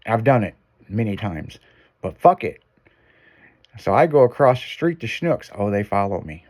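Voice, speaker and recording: A man's voice: on the low side, normal speed. A man hosting a casual chat, telling a long profane story with lots of swearing and acted-out quotes. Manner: profane, animated storyteller who acts out quotes.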